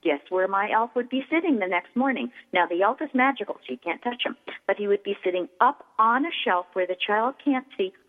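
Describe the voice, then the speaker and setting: Middle-aged shop-owner guest, lively explainer, heard over a tinny line. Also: female voice, medium pitch, a little fast. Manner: animated, explains with acted-out examples. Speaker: toy store owner, guest. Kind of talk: radio interview. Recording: tinny phone line with long reverb.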